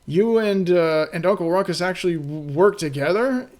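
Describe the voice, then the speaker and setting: Guy reading shy little furry critter, startled, stammery, kinda high. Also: moderate pace, darkish tone, lightly acted. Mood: astonished. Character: shy, timid small furry male creature.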